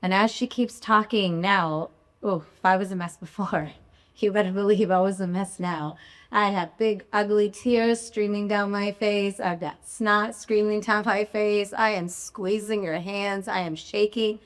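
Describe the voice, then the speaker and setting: A woman doctor tells a personal story on stage, confessional and emotional. Her pitch sits in the middle range. Her phrasing is vivid and heartfelt. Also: steady tone, measured pace. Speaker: physician telling a live story. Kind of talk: live storytelling performance.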